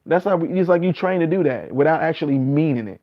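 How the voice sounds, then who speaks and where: A man's voice: lively intonation, fast talker, dull audio. A man in his late thirties talking casually on a live stream, reading out viewer comments and earnestly repeating his points. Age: 30s. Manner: earnest, repetitive, acts out other people's replies in a higher voice.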